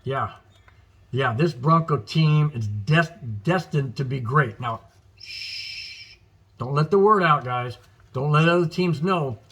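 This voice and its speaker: A man's voice: fairly high pitch, a little slow, fairly bright tone, slightly rough. A man hosting a casual sports news show, reading items and reacting with frequent exclamations and repeated words. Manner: chatty, exclaims wow often, repeats words.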